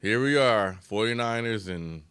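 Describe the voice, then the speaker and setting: A man's voice: lowish voice, unhurried, fairly bright tone, clear, resonant tone, no echo. A man co-hosting a podcast, chatting about football in a laid-back, slangy way and laughing often. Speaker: podcast co-host. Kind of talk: casual sports chat.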